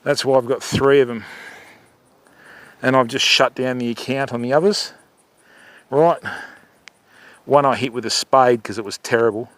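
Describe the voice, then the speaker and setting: A man's voice: medium pitch, normal speed, pauses often, a bit bright, no echo. A middle-aged Australian man hosting a fishing livestream outdoors, chatting casually with viewers and calling them mate. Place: outdoors by the water.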